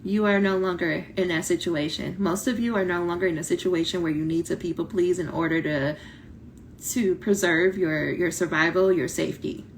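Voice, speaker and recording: A woman coaching doctoral students in a casual live talk, blunt and lively, acting out quoted voices, her voice starting to tire. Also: on the low side, moderate pace, a little hiss or hum. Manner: animated, blunt, talks directly to viewers, acts out quoted voices. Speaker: dissertation coach.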